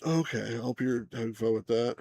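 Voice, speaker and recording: A man's voice: mid-range voice, brisk, dark tone, no echo. A man hosting a casual let's play, chatting loosely and muttering asides to himself. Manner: laid-back, mumbles asides to himself. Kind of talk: casual gameplay chat.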